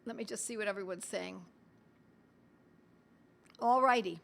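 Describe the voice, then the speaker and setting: A middle-aged woman teaching on a live stream in a chatty way, talking straight to her viewers and reading their comments aloud, with the odd cough and throat clearing. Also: mid-range voice, measured pace. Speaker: homeopathy educator hosting a live stream.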